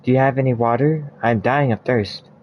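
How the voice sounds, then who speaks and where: A man's voice: mid-range voice, moderate pace, muffled recording, natural voice. Man voicing a chatty talking head in mud. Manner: chatty, pleading, easily annoyed. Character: cheerful thirsty talking male head buried in mud.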